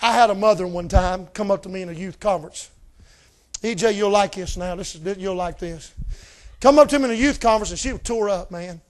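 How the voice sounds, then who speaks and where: A man preaching a fiery revival sermon in a folksy style, shouting often. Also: sits high, a little fast. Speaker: visiting preacher.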